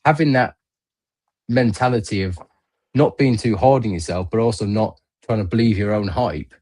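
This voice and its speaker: A man's voice: fairly low pitch, moderate pace, darkish tone. A middle-aged man hosting a podcast in casual chat. He tells rambling stories full of fillers and restarts. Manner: rambling, filler-heavy storytelling. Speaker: podcast host. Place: remote podcast stream.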